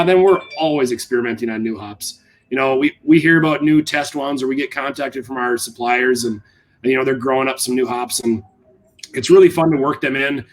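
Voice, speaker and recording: Guest brewer, male, mid pitch, eager and rambling, casual chat. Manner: enthusiastic, rambling about hops.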